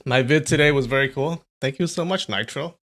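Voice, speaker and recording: A man's voice: medium pitch, a little fast, a bit bright. Chatty man hosting a live stream. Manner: chatty, amused, talks to chat. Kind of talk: casual live-stream chat.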